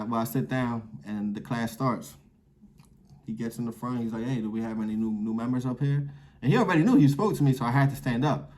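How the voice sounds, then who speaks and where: A man's voice: mid-range voice, a little mellow. A young man casually telling a personal story in a loose, rambling way, full of fillers and swearing.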